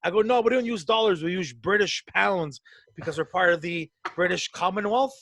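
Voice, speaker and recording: A high-voiced man from Canada tells podcast stories in a loose, swearing, animated style. He slips into the voices of the people he quotes. The sound is dry and close. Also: moderate pace, creaky, no echo. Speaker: podcast co-host. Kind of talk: casual storytelling chat.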